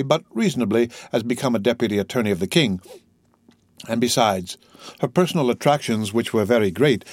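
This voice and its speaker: A man narrating a classic novel as an audiobook in a steady, measured reading. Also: lowish voice, no room sound.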